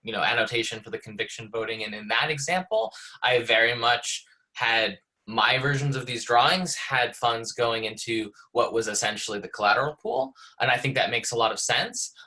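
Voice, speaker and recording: A man's voice: mid-range voice, animated, moderate pace, pushed and bright, low-quality recording. A man presenting on a community video call, explaining a technical design as he thinks aloud, with many fillers and restarts.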